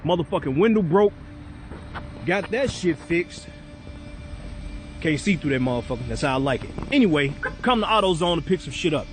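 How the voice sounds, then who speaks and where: Profane man ranting high. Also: animated, moderate pace, long pauses. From Chicago. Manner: profane, blunt, confrontational. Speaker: vlogger. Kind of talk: heated storytelling rant.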